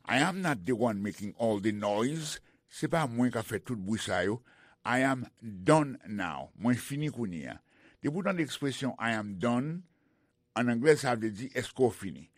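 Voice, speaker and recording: A man with a Haitian accent teaching English in a slow, deliberate way and spelling out words. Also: medium pitch, animated, no room sound, clean studio sound. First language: Haitian Creole. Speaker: language teacher. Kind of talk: bilingual radio language lesson.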